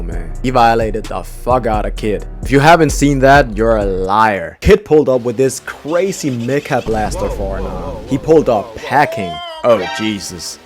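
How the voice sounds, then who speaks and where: A young man hosting a comedic monologue, talking fast in loud, slangy, hyped bits. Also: fairly low pitch. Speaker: custom shoe painter and channel host.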